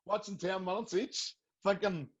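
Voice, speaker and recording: Direction: tell it as a Northern Irish man, a touch high, muffled mic. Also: moderate pace, slightly rough. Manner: storytelling, laughs often. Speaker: podcast host. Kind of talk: casual chat. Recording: muffled lo-fi sound.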